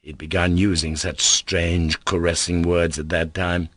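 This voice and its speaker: A man narrating an audiobook in a measured, slow and solemn way. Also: low-pitched, level tone, a bit bright, no room sound.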